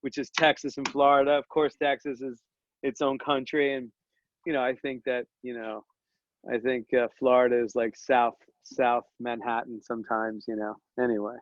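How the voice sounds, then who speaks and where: A man talking as a podcast guest and dental business coach, energetic and joking, rambling with slang asides. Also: medium pitch, moderate pace, dry recording, muffled recording. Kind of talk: casual podcast conversation.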